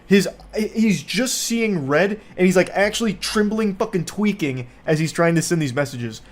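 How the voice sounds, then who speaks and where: Sarcastic male commentator, deadpan reads, voice sits a bit high. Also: moderate pace. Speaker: online commentator. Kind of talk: comedic reaction reading.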